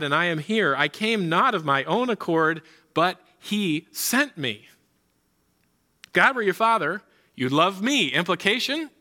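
A man's voice: high voice, pushed and bright. A man preaching a sermon as pastor, emphatic, repeating his key points and asking rhetorical questions.

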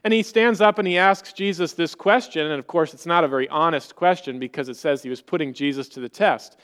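Male pastor, high voice, earnest conversational sermon delivery, rhetorical questions to the congregation. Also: a little fast, a bit bright, clear, resonant tone.

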